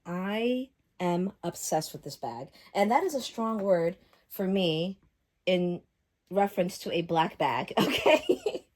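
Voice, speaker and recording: A woman vlogger chatting casually through an unboxing, gushing and excitable. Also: fairly low pitch, slow.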